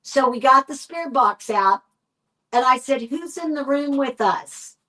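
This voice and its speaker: A woman with a Texan accent, a paranormal investigator, telling a story in a podcast interview and acting out the quoted dialogue in an animated way. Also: high voice, unhurried, rough recording. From United States.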